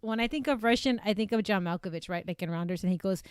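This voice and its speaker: A woman's voice: medium pitch, brisk, hardly any pauses, clear, resonant tone, no echo, studio quality. A woman voice actress chatting casually on a livestream, rambling with lots of fillers and self-corrections. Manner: reads viewer comments aloud. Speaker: streamer and voice actress.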